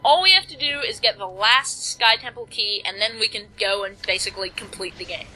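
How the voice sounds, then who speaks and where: Bright-voiced woman rambling over gameplay. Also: medium pitch, a little fast, rough recording. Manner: rambling, self-mocking, jokey asides. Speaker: let's play commentator. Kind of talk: casual gameplay commentary.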